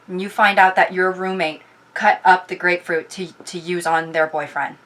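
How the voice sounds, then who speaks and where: A woman's voice: lowish voice, steady tone, moderate pace, fairly bright tone. Chatty young woman vlogging. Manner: chatty, rambling, giggly asides. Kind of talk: rambling casual chat to viewers.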